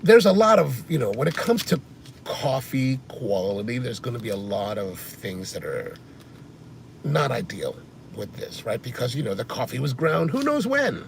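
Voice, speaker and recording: Behind the wheel on the highway, the coffee vlogger talks at a moderate pace in a medium-pitched, very animated voice with vocal fry. He casually responds to viewer comments and wanders through stories as faint road noise hums inside the car.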